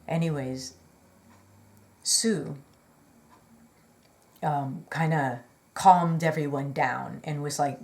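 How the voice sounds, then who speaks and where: A woman's voice: deep voice, drawn-out words, long pauses. A woman telling a personal story in a chatty, rambling way, earnest and full of fillers and apologetic asides. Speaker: vlogger.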